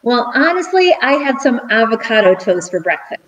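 A middle-aged woman teacher giving a cheerful video lesson to young children, counting out rhythms slowly and clearly. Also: fairly high pitch, sing-song, lo-fi sound. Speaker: school teacher.

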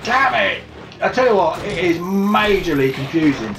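A man's voice: sits high, animated, moderate pace. A man commentating his own video game play, swearing constantly through frustrated outbursts. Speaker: gamer. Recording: distant mic with loud game music.

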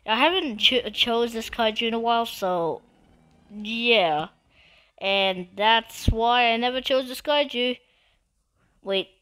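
A woman talks through her game live, excitable and throwing repetitive trash talk at other players. Her voice sits fairly high and bright, with a slow, drawn-out pace. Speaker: gamer. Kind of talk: live gameplay commentary.

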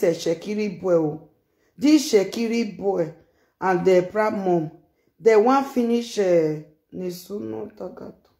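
This Nigerian-accented commentator, with a medium-pitched and slightly mellow voice, gives an offhand reaction to social media drama. Exclamations and repeated phrases abound, mixed with Pidgin and Yoruba, all in an echoey space.

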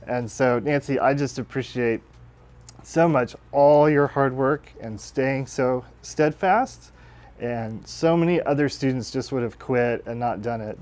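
A male adult-school teacher speaks proudly about one of his graduating students. His voice sits in an ordinary middle pitch, and he talks in a plain, sincere way. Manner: warm and proud. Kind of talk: speech honoring a graduate.

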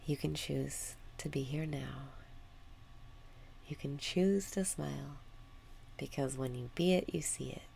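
A woman talks a listener through a guided meditation in a low voice. Her delivery is slow and calm, with a strong gravelly fry running through her speech. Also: slight background noise.

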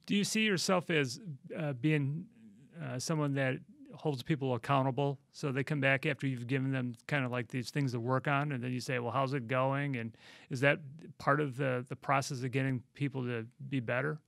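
A man hosting an interview, asking long, halting questions full of restarts. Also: mid-range voice, steady tone, gravelly, a bit bright, no echo, studio quality. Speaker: interview host.

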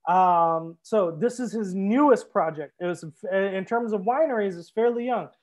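A man's voice: sits high, normal speed. A young man hosting a live wine tasting, chatting casually and talking straight to his viewers. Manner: chatty, upbeat, addresses viewers directly. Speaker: sommelier and show host.

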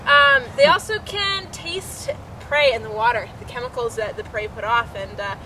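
A high-voiced woman explains wildlife from a swamp, informative and quick to laugh. She is heard from a distance, with clear noise around her. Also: lively intonation. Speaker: co-host, survival expert. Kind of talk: on-location explaining. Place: outdoor swamp.

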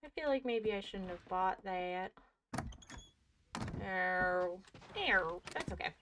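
A young woman streaming a video game, chatting excitably and talking to herself as she plays. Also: fairly low pitch, slow, background noise. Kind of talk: casual let's-play commentary.

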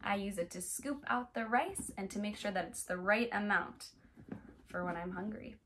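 A young woman teaching a music class for toddlers, speaking gently and playfully and asking the little ones lots of questions. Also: medium pitch, normal speed, a little hiss or hum. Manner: gentle, playful, talks straight to small children with many questions.

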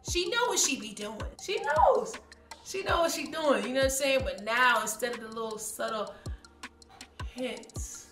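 Playful slangy young woman, kinda high voice, far off the mic with music going. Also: sing-song, normal speed. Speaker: co-host of a couple channel. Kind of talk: casual chat. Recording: echoey room, mic at a distance, music behind.

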